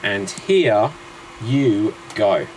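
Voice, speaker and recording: A man hosting an improv game show, brisk and announcing. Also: fairly low pitch, animated, a little hiss or hum. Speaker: show host.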